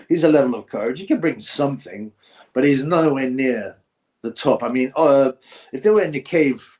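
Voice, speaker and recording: Brief: male stream host, mid-pitched, rambling and mocking, chats to viewers between jabs of mimicry. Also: a little mellow. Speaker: boxing live-stream host. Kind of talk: casual live-stream chat reading viewer comments.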